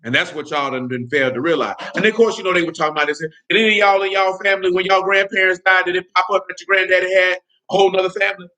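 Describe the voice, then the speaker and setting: A man with a high, bright voice holds forth on his podcast. He speaks bluntly and heatedly, swears freely and keeps checking that his listeners follow him. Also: racing, few pauses. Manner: blunt, heated, profane, keeps asking "you know what I'm saying". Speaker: podcast host. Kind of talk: casual spoken commentary.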